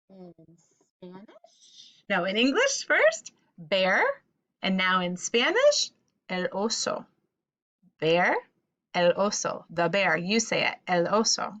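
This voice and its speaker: A woman's voice: mid-range voice, fairly bright tone, muffled recording. A woman teaching a children's Spanish vocabulary lesson, patiently saying words and asking listeners to repeat after her. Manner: patient call-and-repeat teaching, slow and clear.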